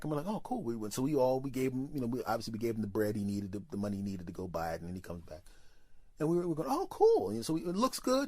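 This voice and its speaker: A man telling a brash, profane comedy story as a podcast host, swinging into quick voices for the people he quotes. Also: mid-range voice, no echo, studio quality.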